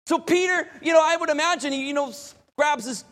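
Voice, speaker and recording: Man, high voice, preacher, lively storytelling sermon, long hall reverb. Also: fairly quick. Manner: animated storytelling, repeats phrases, addresses the crowd directly.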